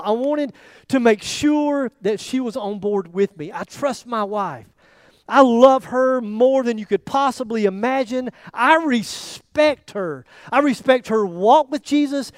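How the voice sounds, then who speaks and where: A man preaching a sermon as pastor, telling his own story with animated swings between loud and hushed delivery. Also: extremely high pitch, dry recording. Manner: animated storytelling, voice rising and dropping to near quiet.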